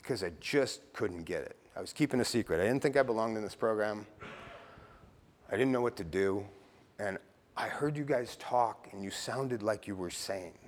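In a large hall, a middle-aged man tells his recovery story at a meeting, speaking bluntly and casually, swearing and dropping in "you know" and "right." His voice is fairly low and moves at a moderate pace.

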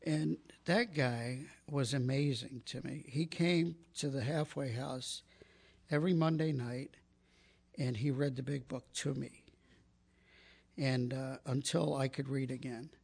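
A man's voice: mid-range voice, steady tone, measured pace, creaky, a little mellow, slightly rough. A man giving a candid, profane personal testimony about his recovery from alcoholism, with many fillers and restarts.

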